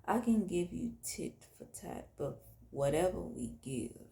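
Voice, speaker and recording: A woman host with a Southern US accent, speaking frankly and deliberately, addressing men directly. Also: fairly low pitch, sing-song, creaky, mellow, echoey room. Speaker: podcast host. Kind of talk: frank monologue on faith and relationships.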